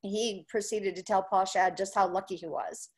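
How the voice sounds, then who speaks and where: A woman's voice: medium pitch, normal speed, breathy edge. A woman, a country music radio personality, telling anecdotes in a casual chat and acting out what others said. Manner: animated storyteller who acts out quoted voices.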